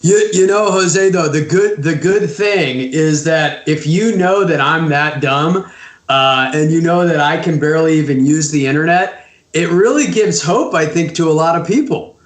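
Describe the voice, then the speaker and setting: A man co-hosting a podcast interview over an online call, chatting casually in an excitable, self-deprecating way, often restarting his sentences. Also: on the high side, moderate pace, echoey room. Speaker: podcast co-host.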